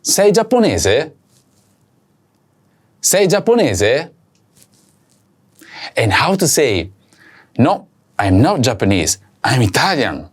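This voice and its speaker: Very animated and slightly rough, a man's medium-pitched voice guides learners through a recorded language lesson. Each word comes out slowly and gets repeated for practice.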